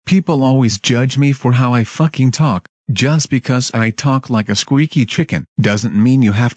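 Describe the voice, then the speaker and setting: Guy ranting thru a storytime, swears nonstop, blunt and annoyed, mid pitch, dry close sound. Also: normal speed, few pauses, darkish tone, no room sound. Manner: profane, blunt, irritable. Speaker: storytime narrator.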